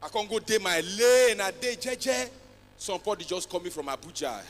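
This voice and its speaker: A man with a Nigerian accent doing a stand-up comedy routine on a big festival stage, switching between Pidgin and English with loud acted outbursts. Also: high-pitched, animated, moderate pace. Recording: long hall reverb, faint music.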